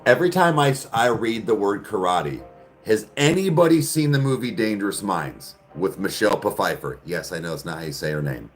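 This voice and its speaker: A man's voice: fairly low pitch, big pitch swings, a little fast, faint music behind. A man hosting a casual podcast chat, rambling in a crude, joking way and laughing often. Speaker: podcast host. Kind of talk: casual chat answering viewers.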